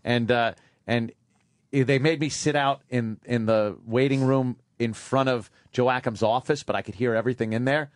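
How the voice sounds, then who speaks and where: A man co-hosting a radio talk show, telling a story and acting out the quotes with big jumps in pitch. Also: fairly even intonation, normal speed, no room sound, clean studio sound.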